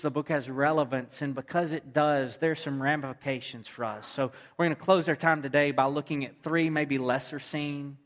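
A man's voice: medium pitch, fairly bright tone. A man preaching a sermon, telling a story and repeating phrases for emphasis. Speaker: pastor.

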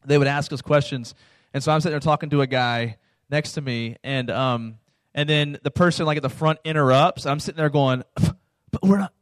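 A man's voice: a little high, no room sound, studio quality. A man preaching in a conversational sermon style, often checking in with the audience by asking "right?" and "okay?". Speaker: pastor.

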